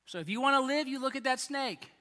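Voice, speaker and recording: A male pastor preaching a sermon in a conversational, animated way. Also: very high-pitched, fast talker. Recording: long reverb of a large hall.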